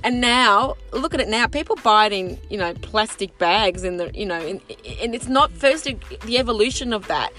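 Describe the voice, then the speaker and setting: A woman of Sicilian birth, chatting as a guest in a lively, theatrical way, calling people darling and slipping into Italian. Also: medium pitch, moderate pace, hardly any pauses. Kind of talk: casual chat.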